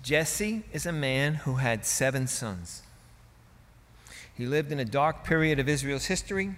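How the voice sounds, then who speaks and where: A male pastor delivering a dramatic, emphatic sermon, his loudness swinging widely from hushed to booming. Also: animated, measured pace, long reverb tail.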